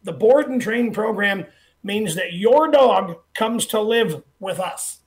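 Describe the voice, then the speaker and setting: A middle-aged man hosting a radio show, chatty and relaxed, slowly repeating numbers with plenty of fillers. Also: high-pitched. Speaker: radio talk show host and dog trainer. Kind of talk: casual radio talk and promotion.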